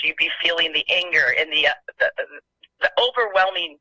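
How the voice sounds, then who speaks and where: A man's voice: fairly high pitch, brisk, pushed and bright, no room sound. A man leaving an angry, agitated public comment by phone, speaking emphatically. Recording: muffled phone line.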